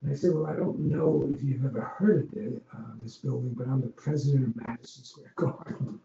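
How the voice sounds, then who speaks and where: A man's voice: mid-range voice, steady tone, brisk, gravelly, a crowd in the background. An older man from Long Island, a former arena executive, telling rambling stories as an interview guest, full of ums and restarts. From Long Island, New York. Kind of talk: casual interview storytelling. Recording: dull, roomy podcast audio with faint noise.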